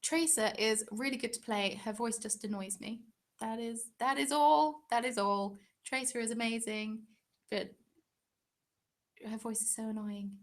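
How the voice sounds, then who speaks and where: A woman's voice: on the high side, a little slow. Chatty giggly English woman. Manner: chatty, giggly, rambling with fillers. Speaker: crafting channel host. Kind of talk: casual live stream chat, reading viewer comments.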